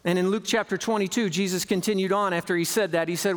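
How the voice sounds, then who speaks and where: A man preaching a sermon in a large church, telling a story dramatically and shifting between slow, stressed words and quick bursts. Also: high voice, fairly even intonation. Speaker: pastor.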